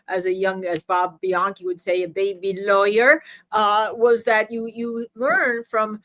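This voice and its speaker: A woman's voice: medium pitch, a little slow. A woman lawyer co-hosting a live legal show, explaining court procedure in an instructive, coaching way. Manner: animated, instructive, coaching her co-host. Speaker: co-host and lawyer. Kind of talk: live legal analysis chat.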